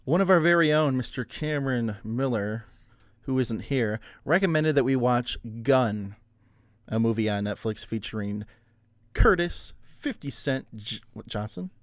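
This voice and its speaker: A man co-hosting a casual podcast chat, breaking into laughter as he jokes along. His voice sits at an everyday middle pitch. The recording is dry and close. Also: lively intonation, measured pace, no room sound. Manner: joking, laughs often. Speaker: podcast co-host.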